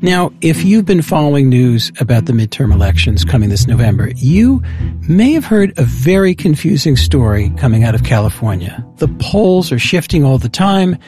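A man in his sixties hosting a radio interview, explaining the story in a measured way before questioning his guest. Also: medium pitch, sing-song, music in the background. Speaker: radio host.

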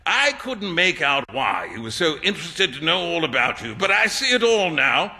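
A man reading a story aloud and voicing a jovial upper-class painter who teases and laughs loudly. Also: sing-song, moderate pace, big-room sound, exaggerated voice. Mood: amused teasing. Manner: booming, mocking, bursts of laughter.

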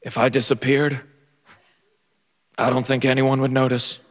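A laconic, deadpan skydiving instructor, as a man puts him on during a live stage story, pitched lower and softer than the narrator. His flat, clipped answers carry a long reverb from a large hall. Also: measured pace, a little hiss or hum, lightly acted. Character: deadpan, laid-back Australian man, tandem skydiver.

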